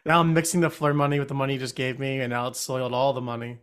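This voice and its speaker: A man playing a tabletop game over a voice call, excitable and quick to laugh. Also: medium pitch, clean tone. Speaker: player. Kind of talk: casual tabletop play.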